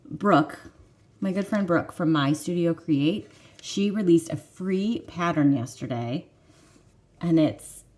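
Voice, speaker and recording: A woman's voice: deep voice, mellow, a little hiss or hum. A woman in her thirties from the Detroit suburbs, hosting a cross-stitch vlog in casual, enthusiastic chat that often breaks into laughs. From Detroit suburbs, USA. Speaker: vlogger, cross-stitch channel host.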